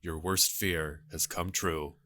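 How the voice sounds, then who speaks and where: A man co-hosting a podcast, telling a mock-dramatic story in a suspenseful deadpan. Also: low-pitched, slow pace. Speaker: podcast co-host.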